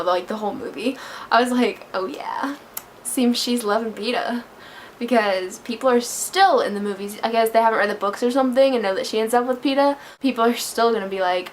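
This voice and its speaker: A young woman talks through a movie review in a casual vlog, gushing and emotional. Her voice sits a little high, and her feelings keep spilling into it. A faint hiss runs under the recording. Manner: gushing, emotional, breaks into laughter and near tears. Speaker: book vlogger.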